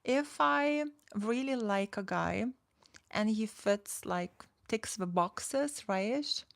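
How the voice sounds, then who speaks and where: Chatty gravelly-voiced woman coach in her forties. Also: medium pitch, expressive, slow pace, no echo. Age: 40s. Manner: chatty, full of "like" and restarts, reads chat aloud. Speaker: dating coach. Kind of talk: casual livestream chat.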